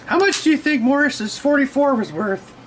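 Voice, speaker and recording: A man's voice: expressive, normal speed, background noise. A man mimicking his fussy older mother. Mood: pleading. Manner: high sing-song mimicking voice.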